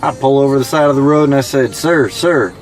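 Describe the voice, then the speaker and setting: A man's voice: medium pitch, little pitch movement, racing, darkish tone. A man who drives for a ride share service, telling stories casually with lots of fillers and quoting his passengers. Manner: conversational, many fillers, mimics passengers in quoted lines. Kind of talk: casual storytelling. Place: in a car.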